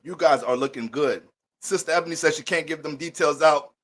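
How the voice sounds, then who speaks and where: A man's voice: a little high, fairly quick, a bit bright. A man hosting an astrology livestream, greeting viewers by name in playful mock-preacher banter.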